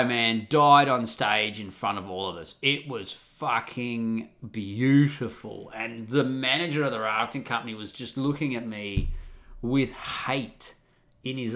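A man casually telling a story and reading aloud, with animated, sweary, mocking outbursts. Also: mid-range voice. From English-speaking, not Italian.

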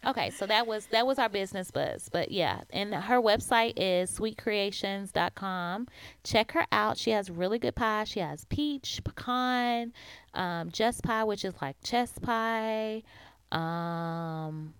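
A woman co-hosting a podcast in casual, animated chat, speaking colloquially. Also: mid-range voice, slow pace, a little hiss or hum. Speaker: podcast co-host.

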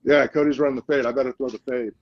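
A man in a casual interview, a football coach telling game stories with plenty of life. He acts out what players and coaches said as he goes. His pitch sits in the middle, and the sound is a little dull and lo-fi. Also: very fast. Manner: animated storyteller, acts out quoted lines.

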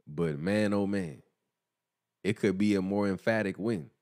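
A man hosting a casual boxing commentary podcast, animated and mocking, who laughs often. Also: on the low side, measured pace, smooth. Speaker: podcast host.

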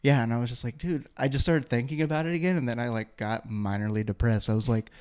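A young man hosting a casual chat, telling rambling, animated stories with lots of filler words. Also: mid-range voice, fast, clean tone.

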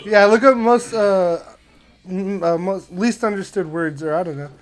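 High-voiced young man joking on a podcast. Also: normal speed. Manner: laughs often, joking and teasing. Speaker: podcast host. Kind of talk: casual podcast chat.

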